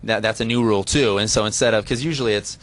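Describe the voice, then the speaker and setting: Rambling low-voiced man on a show. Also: fairly even intonation, quick pace, a bit bright. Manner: rambling, restarts with many ums. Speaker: reality TV contestant guest. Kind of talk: casual interview chat.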